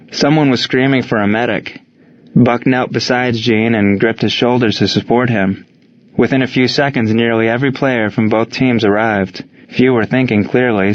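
A man narrating an audiobook in a steady, measured reading. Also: lowish voice. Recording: dull lo-fi recording.

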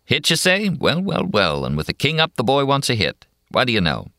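A man voicing a brash, cocky male card dealer who rattles off high, fast auctioneer patter in an audiobook. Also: huge pitch swings, bright, forceful tone, no room sound, studio quality, full character voice. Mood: rowdy patter. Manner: rowdy, cocky, swaggering. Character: brash loud male card-dealing patient, hustler.

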